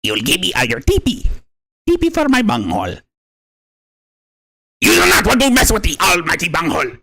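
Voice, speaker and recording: A man voicing a frantic cartoon teenage alter ego who rants and makes demands in a shrill voice. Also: huge pitch swings, brisk, creaky, heavily acted. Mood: ranting. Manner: shouted, wild high-pitched ranting.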